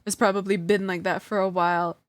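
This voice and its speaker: A woman's voice: mid-range voice, level tone, fairly quick, clean tone. A woman streamer chatting casually to her live chat, flustered and self-deprecating, often breaking into laughter. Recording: dry close sound.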